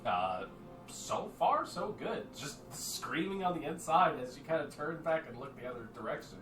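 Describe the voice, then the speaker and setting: A man narrating as game master of a tabletop game, lively and quick to jump into shouting voices for the figures. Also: a little high, music in the background. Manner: animated, jumps into shouted character voices. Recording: echoey room from far off, faint noise.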